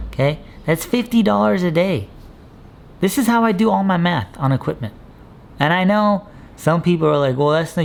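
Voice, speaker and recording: Gravelly-voiced contractor coaching newcomers. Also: male voice, medium pitch, a little hiss or hum. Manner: punchy, coaching, drops "dude" and "okay?". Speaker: landscaping contractor. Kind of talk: motivational business vlog.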